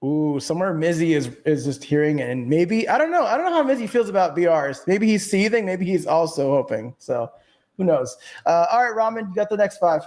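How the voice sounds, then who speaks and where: A man's voice: high voice, very animated, fairly quick, darkish tone. A man hosting a gaming podcast in a laid-back, casual way, laughing easily. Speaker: podcast host.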